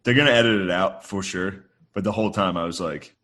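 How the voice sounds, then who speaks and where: Podcast co-host, man, thirties, low voice, loose profane storyteller, casual comedy chat. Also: a little fast, a bit bright.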